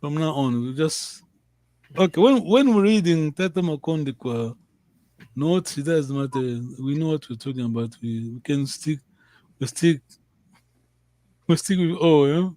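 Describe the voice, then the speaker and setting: Slow-paced, higher-voiced male teacher. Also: animated, mellow, no echo. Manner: slow, patient, encouraging drills. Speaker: language teacher. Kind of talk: online language lesson.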